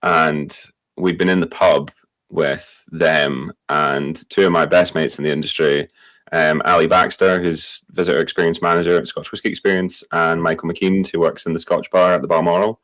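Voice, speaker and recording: A man's voice: deep voice, steady tone, normal speed, fairly bright tone. A young Scottish man telling long rambling anecdotes in a casual podcast chat. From Scotland. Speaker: tour company owner.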